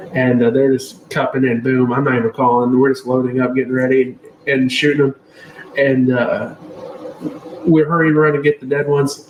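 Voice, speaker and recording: A man co-hosting an outdoors podcast, telling a long hunting story in casual chat and acting out what people said. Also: mid-range voice. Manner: animated storyteller, acts out quotes. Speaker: podcast co-host. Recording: roomy with faint background noise.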